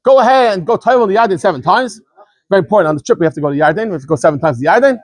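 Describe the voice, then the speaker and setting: A man leads an informal Torah lesson at a rapid clip. His voice sits high and he explains with animated energy, often stammering and repeating words. The recording is close and dry. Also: dry recording. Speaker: rabbi teaching a daily scripture class.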